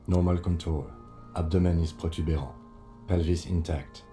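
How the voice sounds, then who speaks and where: An actor playing a calm, methodical police lieutenant in a video game, speaking in a measured, clinical, composed way. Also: male voice, deep voice, over music, lightly acted.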